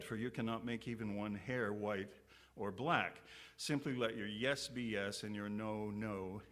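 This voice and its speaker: A man's voice: medium pitch, a bit bright. A man giving a short sermon to a congregation in a conversational, folksy way, with asides and restarts. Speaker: church speaker. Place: congregation hall.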